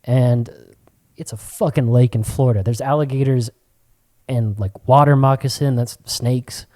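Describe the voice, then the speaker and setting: A young man co-hosting a podcast, telling stories in casual chat with a lot of swearing and sudden high-pitched quoted voices. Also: fairly even intonation, a little slow, darkish tone. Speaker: podcast co-host.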